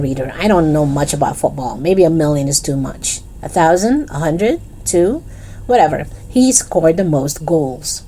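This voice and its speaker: A woman with a low, dark voice reads a children's chapter book aloud at an easy storytelling pace. She now and then turns aside to chat playfully with the reader.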